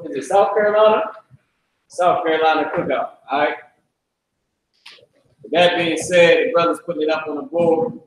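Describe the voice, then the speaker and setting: A man with a fairly high, slightly bright voice teaches a class loosely and in slang, blunt and profane, with frequent side remarks. His voice rings around a hard classroom with very strong echo, and there's slight background noise.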